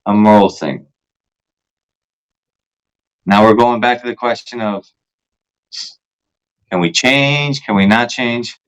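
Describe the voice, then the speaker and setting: A man's voice: lowish voice, slow pace, pauses often, clear, resonant tone, low-quality recording. A man in a loose casual chat who swears freely and keeps tagging his points with "right?". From parents from Poland.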